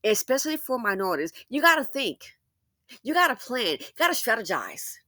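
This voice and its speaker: A woman's voice: fairly high pitch, sing-song, brisk, sharp tone, no room sound. A woman hosting a commentary monologue, emphatic and preachy, repeating her points for force. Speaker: commentary channel host.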